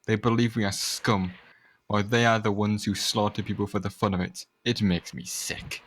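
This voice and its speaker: A man's voice: fairly low pitch, steady tone, moderate pace. A young man reading a fanfic aloud to friends in a sarcastic, overacted way, now and then tripping over words. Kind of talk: mocking dramatic read-aloud.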